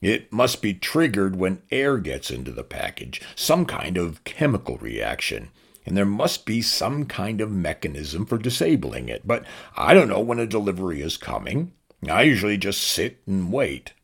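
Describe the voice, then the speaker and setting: A man's voice: deep voice, huge pitch swings, normal speed, vocal fry, a bit bright, breathy edge, full character voice. A man reading the lines of a tired, practical young woman traveler in a plain, matter-of-fact way. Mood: weary.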